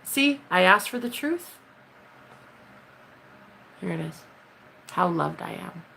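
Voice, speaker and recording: Woman livestreamer, low gravelly voice, blunt, swears freely, jumps up high to greet viewers. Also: lively intonation, slow, sharp tone, a little hiss or hum. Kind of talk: casual live-stream chat with viewers.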